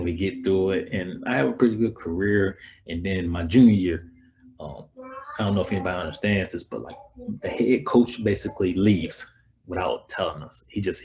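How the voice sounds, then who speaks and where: Low-voiced man telling a story. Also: a little hiss or hum, rough recording. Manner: relaxed, rambling, repeats words. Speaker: former college basketball player. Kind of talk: casual storytelling talk.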